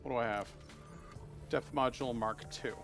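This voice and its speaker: A man's voice: medium pitch, steady tone, normal speed, vocal fry, music in the background. A man live-streaming a video game, chatting playfully with viewers and cooing at the creatures on screen. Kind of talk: casual live-stream chat while playing.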